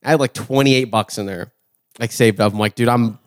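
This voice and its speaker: A man co-hosting a casual podcast, telling a childhood story in an animated way, swearing often and acting out quotes. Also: on the low side, fairly quick. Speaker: podcast co-host.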